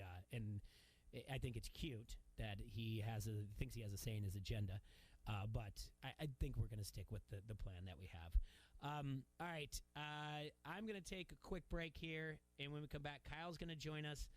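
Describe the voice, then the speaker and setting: A man's voice: medium pitch, moderate pace. A man hosting a sports radio show, telling a long story in a casual, rambling way, full of fillers and restarts.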